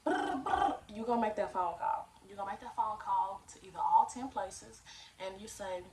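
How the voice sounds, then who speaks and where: A woman's voice: medium pitch, fairly even intonation, moderate pace, a little mellow, recorded from a distance, slight background noise. A young woman giving casual, slangy job-search advice in a chatty way, acting out phone calls as she goes.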